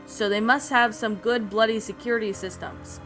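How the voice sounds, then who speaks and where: A woman's voice: fairly high pitch, steady tone, fairly bright tone, soft background music, natural voice. A woman voicing a confident teenage girl agent with a put-on thick British accent. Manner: brisk, reassuring.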